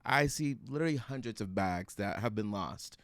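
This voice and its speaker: A man's voice: on the low side, lively intonation, moderate pace, a bit bright, dry recording. A young man, a guest on a casual podcast chat, telling a story in a sassy, playful way. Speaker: guest, best friend. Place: hotel room floor.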